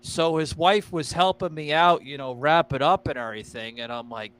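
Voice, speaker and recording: A podcast host, a man with a fairly high, bright and forceful voice. He rambles through his stories with excitable energy, cursing freely as he goes. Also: normal speed, clear, resonant tone. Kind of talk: casual podcast chat.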